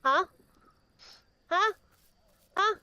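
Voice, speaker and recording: A woman's voice: extremely high pitch, lively intonation, drawn-out words, bright, forceful tone, no room sound, highs cut off. Crude, teasing woman streamer. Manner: crude, teasing, swears a lot. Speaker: game streamer. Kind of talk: casual game stream chat.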